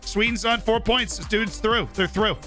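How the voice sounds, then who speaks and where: A man's voice: high-pitched, moderate pace, bright, forceful tone, soft background music. A man hosting a live stream, chatting casually about football and rambling with lots of "right?" and "like". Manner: rambling, tags "right?" and "like" often.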